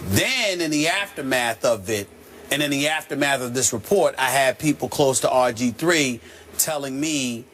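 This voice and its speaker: A man's voice: medium pitch, animated, a bit bright, a little hiss or hum. Emphatic man in sports debate. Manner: emphatic, measured, with repeated qualifiers. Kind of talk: sports talk show debate. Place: television studio.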